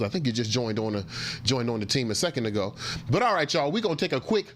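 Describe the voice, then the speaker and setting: A man hosting a laid-back morning show, riffing and joking. His pitch jumps all over the place and stays lively, with a faint hum of background noise behind him. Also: fast talker. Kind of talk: casual talk-show chat.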